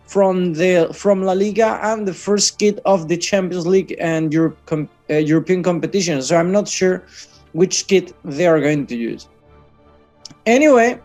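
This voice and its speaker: A man's voice: sits high, darkish tone. A man from Catalonia, chatting casually about football news, often hesitating and correcting himself.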